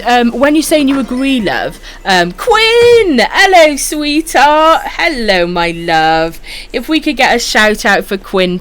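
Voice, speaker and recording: A woman with a Welsh accent chatting casually on a live stream while gaming, swearing freely and calling viewers love and sweetheart. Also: lowish voice. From Wales.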